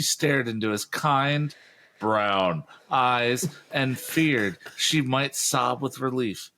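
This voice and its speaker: A man's voice: medium pitch, extremely slow, sharp tone. A man co-hosting a comedy podcast, reading a teen novel aloud with dramatic flair and mocking asides. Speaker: podcast co-host. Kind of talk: comic book-reading podcast.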